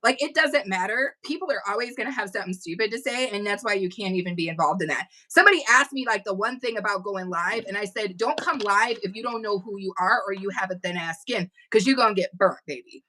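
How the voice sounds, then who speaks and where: A woman's voice: medium pitch, quick pace, few pauses, bright, forceful tone. Emphatic, hyped woman streamer. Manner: emphatic, blunt and hyped, swears freely. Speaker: livestream host. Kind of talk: casual chat. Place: home livestream setup.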